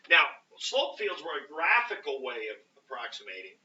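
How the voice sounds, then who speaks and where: A man's voice: a little high, very animated, moderate pace, bright, forceful tone, a little hiss or hum. A man teaching a math class, talking casually with many fillers and often checking in with the students. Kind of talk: classroom lecture. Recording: roomy, distant, dull classroom audio.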